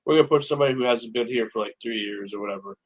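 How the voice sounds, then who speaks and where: Man, radio host, casual interview, mid-pitched, filler-heavy talk. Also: very fast, rough recording. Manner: chatty, lots of fillers, laughs along.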